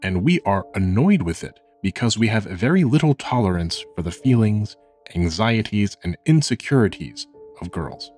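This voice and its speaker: A young man with a slight vocal fry, narrating a scripted video essay in a measured, earnest, reflective way. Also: on the low side, expressive, a little mellow, soft background music.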